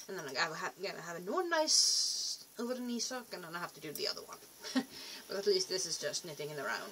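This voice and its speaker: A woman's voice: lowish voice, fairly bright tone, slight background noise. A young woman rambling casually to camera in a vlog, chatty and self-deprecating, often trailing off and restarting. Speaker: vlogger.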